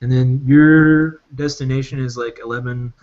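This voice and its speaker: A man's voice: mid-range voice, steady tone, normal speed, darkish tone. Rambling casual game master, man. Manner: casual, rambling, many fillers. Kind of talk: narrating a tabletop game. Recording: dull lo-fi recording.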